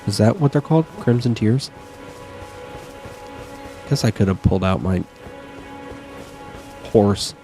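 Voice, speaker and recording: Casting: low, gravelly male gamer, loose profane play-by-play, faint music under. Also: expressive, slow, pauses often, dark tone. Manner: chatty, swearing, talks to enemies. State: sniffly. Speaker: gaming streamer. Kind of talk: casual game commentary. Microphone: desk mic.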